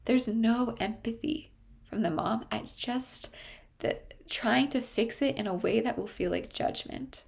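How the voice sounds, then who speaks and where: A woman's voice: a little high, a little slow, gravelly, darkish tone. A woman therapist explaining a TV series in a thoughtful way, often stopping to search for her words.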